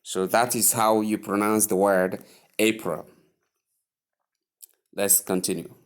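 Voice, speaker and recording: A man teaching English pronunciation, speaking deliberately and repeating each word several times for the listener to practice. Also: fairly low pitch, flat delivery. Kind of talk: pronunciation lesson.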